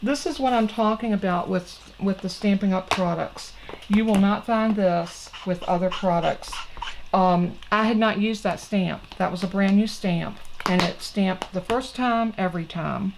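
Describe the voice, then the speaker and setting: A woman's voice: medium pitch, a little slow, background noise. A middle-aged woman, hosting a casual craft tutorial in a chatty, folksy way and talking straight to her viewers. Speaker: crafting channel host.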